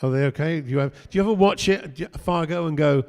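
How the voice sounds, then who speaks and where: Gravelly older man in echoey hall. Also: fairly high pitch, fast talker, darkish tone. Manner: chatty and anecdotal, with frequent restarts. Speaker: guest actor. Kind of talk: convention panel interview. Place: convention panel room.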